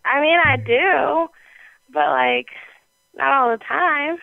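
A woman's voice: high voice, wildly swooping pitch, slow pace, creaky, dry recording. An eighteen-year-old woman from Sacramento calling in, giggly and hesitant. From Sacramento, California. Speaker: caller. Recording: tinny phone line.

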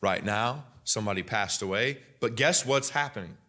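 Man, Midwestern accent, young pastor, church sermon, emphatic build-ups. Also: moderate pace. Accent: American Midwest. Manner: emphatic preaching, rising loud and high at climaxes.

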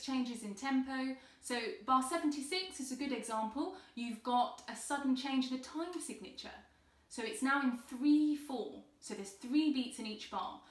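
A woman teaching beginners cello in an online tutorial, giving patient, encouraging step-by-step instructions. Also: high voice. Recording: roomy sound from a distant mic with cello.

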